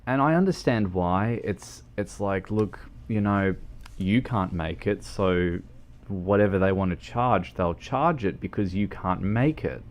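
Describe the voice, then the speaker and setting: A man's voice: low voice, unhurried. A man, talking loosely on a livestream at a home setup. He wanders through his thoughts with lots of ums and restarts, and pokes fun at himself. A faint hum of ambience sits behind him. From New Zealand. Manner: rambling, hesitant, many fillers and restarts; self-deprecating, joking. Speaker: game streamer. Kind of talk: casual livestream chat while driving in a game.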